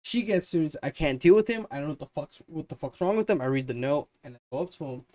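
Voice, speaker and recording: A man's voice: fairly high pitch, animated, quick pace, dark tone. A young man co-hosting a podcast, telling a long story in a rambling casual way and acting out his friends' lines. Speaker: podcast co-host.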